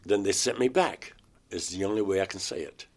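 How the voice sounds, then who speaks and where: A man recounting a personal experience in an interview, in a halting, emotional way. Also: deep voice.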